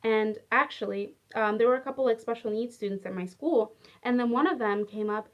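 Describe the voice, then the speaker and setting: A woman's voice: on the high side, a little fast, highs cut off. A young adult woman, a former English teacher, casually telling personal stories with lots of "like" and plenty of feeling. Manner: chatty, heavy use of "like", animated and affectionate. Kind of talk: casual storytelling vlog.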